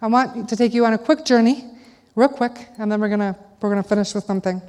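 A woman preaches with candid, animated storytelling, acting out her own outbursts along the way. Her voice sits a little on the high side, and a long hall reverb trails after every phrase, as in a church sanctuary. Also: quick pace. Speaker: speaker at a church service. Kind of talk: sermon with personal storytelling.

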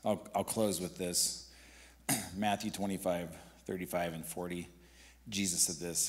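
Lowish-voiced male pastor preaching. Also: little pitch movement, a little slow. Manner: exhorting, rises to emphatic preaching. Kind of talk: sermon. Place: church sanctuary.

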